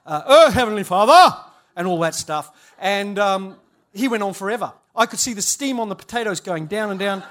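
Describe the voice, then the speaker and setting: A church leader gives a humorous storytelling talk at a conference, chatty and self-interrupting and laughing at his own stories. His voice is high, fairly quick, and fairly bright.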